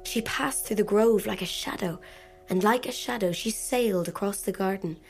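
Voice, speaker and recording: Lady reading a fairy tale, gentle and measured, faint music under. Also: medium pitch, creaky. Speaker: narrator. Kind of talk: storybook reading.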